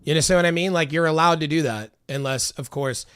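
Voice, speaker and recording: A man's voice: on the high side, quick pace, fairly bright tone, clean tone, dry recording, studio quality. A man giving casual, heated political commentary as he reacts to video clips, swearing and arguing with his viewers. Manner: exasperated, heated, swears often. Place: Los Angeles.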